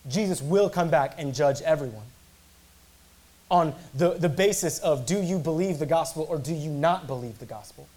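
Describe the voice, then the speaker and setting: A man's voice: on the high side, normal speed, darkish tone. A male pastor preaching an earnest sermon, emphatic, repeating words and slipping in casual asides.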